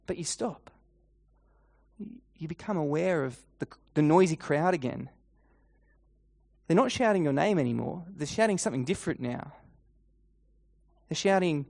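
Dramatic man preaching a guided meditation. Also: on the high side. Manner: dramatic, swings between loud and hushed; repeats refrain, halting restarts. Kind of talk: guided imaginative sermon in second person.

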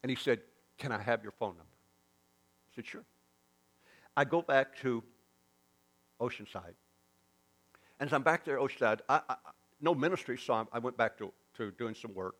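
A man's voice: mid-range voice, moderate pace, pauses often. A man with a Southern US accent, a preacher telling a story in a sermon and acting out the dialogue. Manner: animated storyteller, acts out quoted dialogue.

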